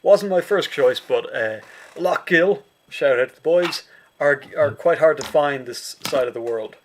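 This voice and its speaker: A man's voice: a little high, a little slow, a little hiss or hum. Irish man, host, casual chat, rambling, dry jokes, video call. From Ireland. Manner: rambling, dry jokey asides.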